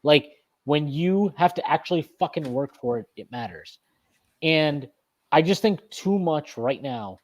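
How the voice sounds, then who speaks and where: A man's voice: fairly high pitch, animated, measured pace, darkish tone. A man hosting a postgame sports talk show, ranting emphatically and profanely, often restarting and repeating his phrases. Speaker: sports podcast host.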